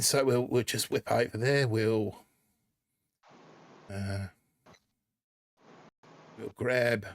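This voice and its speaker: A man's voice: mid-range voice, creaky. A man hosting a casual live stream in a put-on Australian accent, rambling and joking as he reads out chat names. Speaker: livestream host.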